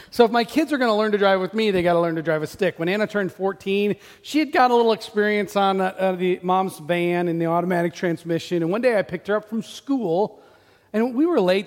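High-voiced man preaching in an echoey hall. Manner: storytelling, animated, self-deprecating. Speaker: pastor. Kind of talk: sermon.

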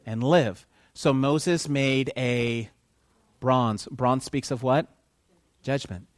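A man preaching a sermon who keeps asking his listeners questions and pauses for their answers, swinging from quiet to loud for emphasis. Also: mid-range voice, no room sound.

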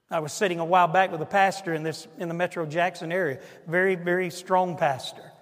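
A man's voice: high-pitched, brisk, in a large hall. A male pastor preaching a sermon, stressing his points and asking the congregation rhetorical questions.

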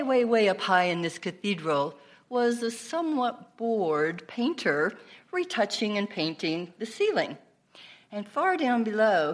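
A woman's voice: fairly low pitch, fairly bright tone. A woman in her sixties tells a joke to a group in a chatty storytelling way and laughs at her own punchlines. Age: 60s.

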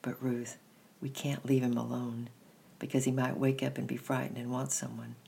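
A man voicing a gentle, anxious young boy in a storybook reading, earnest and stammering a little. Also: medium pitch, completely flat delivery, a little slow, creaky, breathy edge, full character voice.

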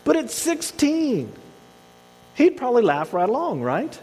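A high-voiced man in his thirties delivers a sermon, weaving in animated stories and acting out each character's lines. His voice carries a long reverb from a large room. He moves between playful storytelling and earnest exhortation. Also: unhurried, breathy edge. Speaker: pastor.

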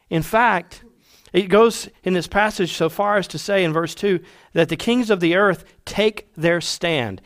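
A man preaching a sermon, animated, acting out quoted voices and dropping at times to a hushed tone. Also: high voice, unhurried. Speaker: pastor.

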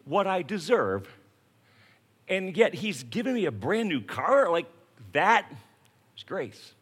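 Lively storytelling male preacher. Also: on the high side. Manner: storytelling, animated, acts out scenes. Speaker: pastor. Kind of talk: sermon.

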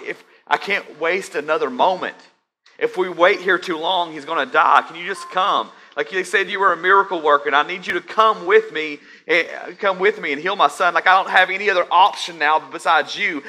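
A man voicing a desperate father begging for his dying son, speaking high and loud in a frantic, pleading way. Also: a little fast, low-quality recording.

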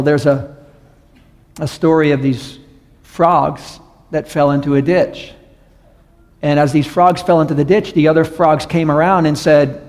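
A man's voice: high voice, fairly even intonation, moderate pace. A man preaching a sermon to a congregation, telling stories and acting out the voices in them. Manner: storytelling, acts out voices in stories. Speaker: pastor. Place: church sanctuary. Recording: long reverb of a large hall.

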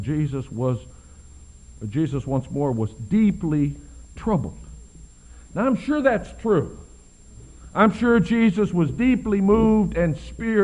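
Expressive preacher man, hushed to emphatic. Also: highs cut off. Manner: expressive, swings from soft hushed lows to loud emphatic peaks. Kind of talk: sermon.

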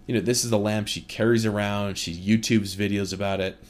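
A man delivering a relaxed, conversational sermon, retelling a story and turning to address the congregation directly. His voice sits a little on the low side. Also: fairly quick. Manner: storytelling, speaks directly to listeners. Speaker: preacher.

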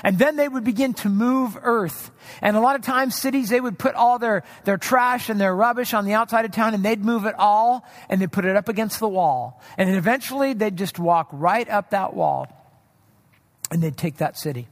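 A man preaching a sermon in a conversational way, acting out quoted voices with shifts in pitch. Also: normal speed, big-room sound. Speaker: pastor.

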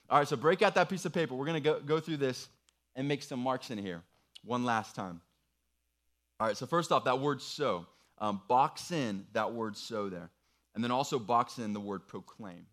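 An earnest man preaches to a young audience in a mid-pitched voice. He walks them through a worksheet with patient, encouraging instructions. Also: moderate pace, fairly bright tone. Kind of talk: sermon with worksheet activity.

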